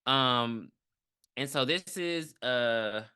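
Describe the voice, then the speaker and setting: A woman podcast co-host recapping a movie in a casual, profane, animated way, acting out lines as she goes. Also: rumbling low, very slow, smooth.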